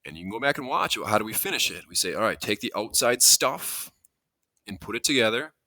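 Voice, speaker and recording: A man's voice: lowish voice, very animated, a little fast, sharp tone, no echo. A man teaching a math lesson, explaining steps in a conversational way, thinking aloud and correcting himself as he goes. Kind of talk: classroom lesson walkthrough.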